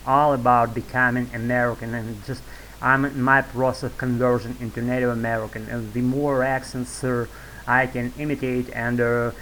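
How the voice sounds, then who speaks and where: Russian-accented man, flat rambling talk. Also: medium pitch, normal speed, a little hiss or hum, low-quality recording. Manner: wordy, loose, filler-heavy, restarts often. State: sore throat. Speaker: YouTube English-learning vlogger. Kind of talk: rambling monologue to camera.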